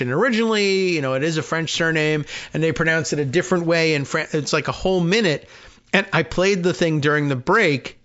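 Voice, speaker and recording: A man's voice: medium pitch, a bit bright, clean tone. A man hosting a talk radio show, rambling through a sardonic, digressive monologue. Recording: muffled lo-fi sound.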